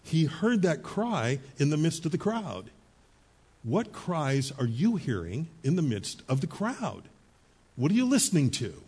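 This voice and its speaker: A middle-aged man preaching with a husky, somewhat breathy voice that sits fairly high for a man. He tells stories in an easy, conversational way, with quick asides to the congregation. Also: very animated, darkish tone. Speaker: pastor. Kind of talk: sermon.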